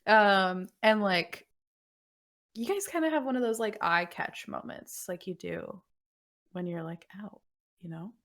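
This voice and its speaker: Woman, game master, unhurried narration, laid-back, giggly. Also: mid-range voice, animated, fairly bright tone. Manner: laid-back, laughs often, slips into quick character lines. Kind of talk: narrating a tabletop role-play game.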